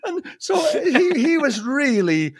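A man telling anecdotes as a podcast guest, laughing often, swearing, and slipping into quick impressions. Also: extremely high pitch, sing-song, a bit bright.

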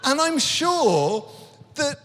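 Animated male comedian telling stories. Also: extremely high pitch, drawn-out words. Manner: animated storyteller who acts out the people in his stories. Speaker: guest comedian. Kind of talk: casual chat, telling anecdotes. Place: stage before a live audience. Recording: live venue with long reverb.

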